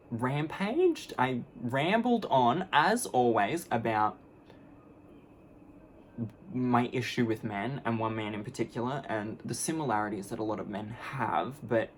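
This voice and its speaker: A woman's voice: very deep voice, slight background noise. A young adult woman telling a story on her vlog, candid, blunt and sarcastic, mocking the people in it with put-on voices. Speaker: vlogger.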